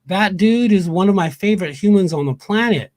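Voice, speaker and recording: Angry, profane male livestreamer, higher-voiced. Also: animated, brisk, darkish tone, dry recording. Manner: angry, profane, repeats himself. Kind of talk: heated livestream rant.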